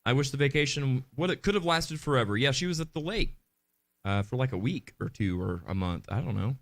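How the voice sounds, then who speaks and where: A man's voice: mid-range voice, lively intonation, a little fast. A man co-hosting a live podcast, chatting casually and reading viewer comments aloud in an upbeat way. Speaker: podcast co-host.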